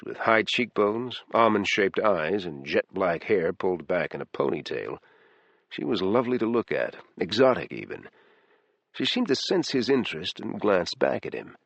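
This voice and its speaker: Male audiobook narrator, low, husky, lively pitch, dry close sound. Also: moderate pace, no echo. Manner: taut, dramatic storytelling. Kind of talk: scripted thriller narration.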